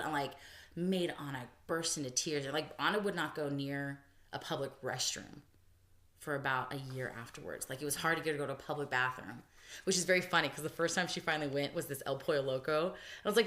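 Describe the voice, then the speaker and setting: A woman co-hosting a podcast, telling a personal story in casual chat and voicing the people she quotes. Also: fairly quick. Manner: animated storytelling, voices quotes with big pitch jumps. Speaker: podcast co-host. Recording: echoey room, early podcast audio.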